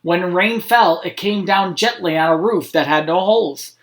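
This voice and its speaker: A man's voice: high voice, normal speed, fairly bright tone. Man reading picture books aloud. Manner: friendly, chatty asides between read passages. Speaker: school principal.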